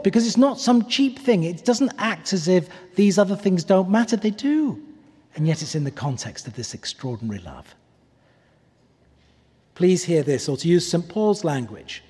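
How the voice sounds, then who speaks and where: A man preaching a sermon, earnest and pleading, often letting his voice drop softly on key words. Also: high-pitched, very animated, a little slow, husky. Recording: long reverb of a large hall.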